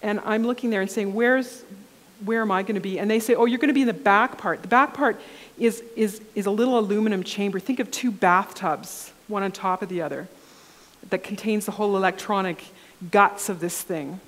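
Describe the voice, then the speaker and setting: A woman journalist giving a keynote talk, telling a lively personal story and acting out the dialogue. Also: mid-range voice, brisk. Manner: animated storyteller, acts out quoted dialogue. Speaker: keynote speaker. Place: conference hall. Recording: long hall reverb.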